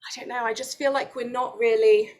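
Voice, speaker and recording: Chatty British woman, higher voice. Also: fairly even intonation, fairly quick, a little mellow. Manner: chatty and enthusiastic, many fillers. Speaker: host. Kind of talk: casual webinar conversation.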